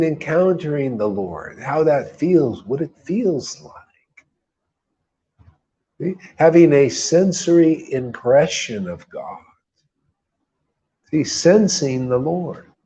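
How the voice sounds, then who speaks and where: A man's voice: a little high, sing-song, slow, pauses often, mellow, slightly rough, highs cut off. A man leading a devotional group, giving an informal spiritual talk full of emphatic repetition and rhetorical questions.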